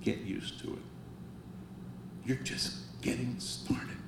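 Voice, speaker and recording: At a roomy banquet hall, a man in his sixties speaks slowly, giving a motivational speech that's both earnest and wry. He frequently repeats and restarts words, with a faint hum beneath his voice.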